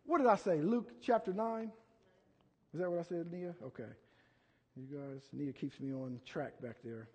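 A middle-aged pastor from Ohio preaching a conversational sermon, telling folksy stories with many asides and fillers. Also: male voice, on the high side, moderate pace, darkish tone, husky. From Ohio, USA. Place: church sanctuary. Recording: long reverb from a large hall.

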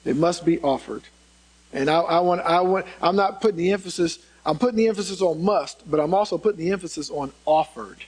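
Man, pastor, high-pitched voice, emphatic sermon delivery, repeats words for stress. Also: quick pace, hardly any pauses, slightly rough, rough recording. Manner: emphatic preaching, repeats key words, calls out "come on".

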